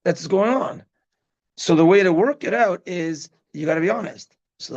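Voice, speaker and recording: A man's voice: high voice, moderate pace. A man teaching a parenting class as a rabbi, talking casually and often checking in with his listeners. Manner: animated, keeps checking in with listeners. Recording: dull lo-fi sound.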